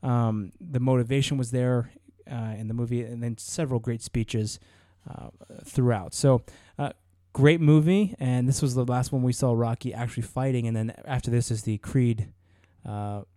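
A man's voice: mid-range voice, steady tone, moderate pace, few pauses, dark tone, no echo, clean studio sound. A man co-hosting a podcast, chatting enthusiastically in a rambling way. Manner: rambling, many fillers and restarts, enthusiastic. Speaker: podcast co-host. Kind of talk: casual chat.

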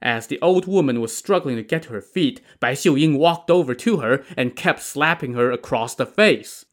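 A man's voice: mid-range voice, animated, normal speed. Wry male storyteller. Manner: wry, sarcastic asides. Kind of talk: casual narration of a classic tale.

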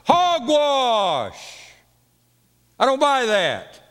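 A pastor preaching in his church with a high voice and a folksy, repetitive manner. His words carry a long church reverb. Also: animated, unhurried, fairly bright tone. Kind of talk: sermon. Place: church sanctuary.

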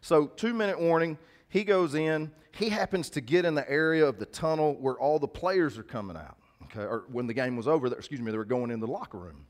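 A man's voice: fairly high pitch, lively intonation, brisk. A man pastor preaching a sermon in a church, conversational, calling out to the congregation.

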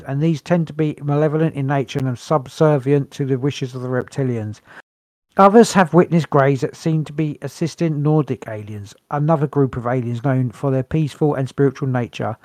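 A man's voice: mid-range voice, no echo. A man co-hosting a podcast, reading notes aloud in a casual chat with wry, dry humour and the odd sigh. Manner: wry, dry humour, sighs between points. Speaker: podcast co-host.

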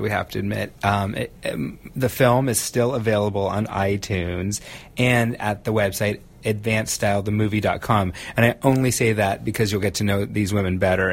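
A man, a street style photographer, chatting casually and telling animated stories with frequent laughter. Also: on the low side, vocal fry. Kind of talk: casual chat.

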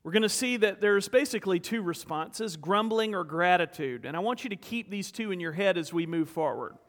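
A man's voice: sits high, animated, brisk, a bit bright, long reverb tail. A man preaching a sermon in a church, telling a story with earnest rhetorical questions. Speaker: pastor. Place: church sanctuary.

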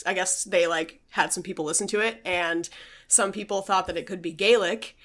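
Woman podcast co-host, lowish pitch, chatty storyteller. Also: fairly bright tone. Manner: chatty, uses many fillers, reads out quotes. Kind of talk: casual chat, telling a ghost story.

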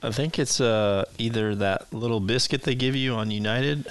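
A man's voice: medium pitch, smooth, no echo. A man chatting casually on a podcast, cracking jokes and asking questions. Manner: wisecracking, quick to laugh. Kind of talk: casual chat.

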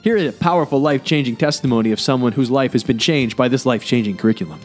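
A man voicing the announcer of a mock infomercial, with a salesy, booming pitch. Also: very fast, soft background music, close to an everyday voice. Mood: pitchy. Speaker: announcer in a parody ad.

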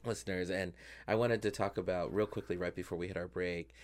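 A man with a very low, deep voice hosts a casual podcast chat. He talks freely with lots of "um"s and laughs often as he goes. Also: steady tone, fairly quick. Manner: chatty, many fillers, laughs often. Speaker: podcast host and drag performer.

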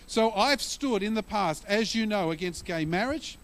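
A man's voice: high voice, animated, normal speed, fairly bright tone. A male pastor preaching a sermon in a conversational way, telling stories and using humor to explain scripture.

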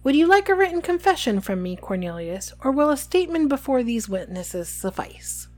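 A woman playing an unhurried, kindly old male headmaster who sounds gently amused. Her voice rises and falls in a lively way, like a storybook read aloud. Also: high-pitched. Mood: calm.

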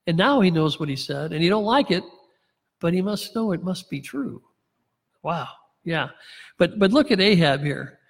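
A man preaching a sermon, his voice sitting a bit higher than most men's. He reads scripture aloud and acts out the lines with dry, sarcastic humor. A long reverb trails behind him, as in a large hall. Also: expressive, normal speed, vocal fry, pauses often. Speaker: pastor.

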